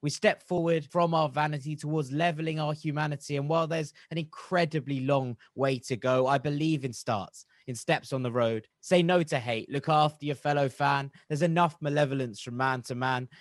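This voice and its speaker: A man's voice: fairly high pitch, steady tone, moderate pace, hardly any pauses, no room sound, studio quality. A man hosting a casual football podcast, reciting a rhyming poem and then bantering and laughing with his co-hosts. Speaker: podcast host.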